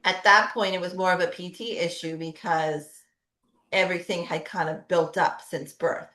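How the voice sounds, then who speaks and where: A woman's voice: fairly low pitch, fairly even intonation, normal speed, bright, forceful tone, roomy sound, a little hiss or hum. A middle-aged woman, a pediatric physical therapist, giving a conversational webinar talk with frequent tag questions. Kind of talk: webinar presentation.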